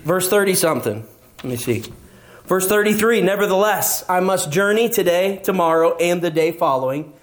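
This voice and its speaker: A middle-aged man preaching a sermon in a lively, conversational way, swinging up and down in pitch for emphasis. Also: moderate pace. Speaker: pastor.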